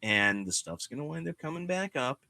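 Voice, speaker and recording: A man hosting a casual podcast chat with a lively, swooping voice that climbs high when he gets going. He rants with emphatic repetition. The sound is dry and close. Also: moderate pace, vocal fry, no echo. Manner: animated, ranting, lots of "you know" and "guess what". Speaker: podcast host.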